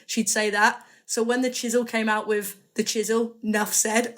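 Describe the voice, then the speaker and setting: A woman's voice: a little high, little pitch movement, normal speed, fairly bright tone. A woman, a magazine editor guest, chatting casually and enthusiastically, rambling and correcting herself as she goes. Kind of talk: casual interview chat.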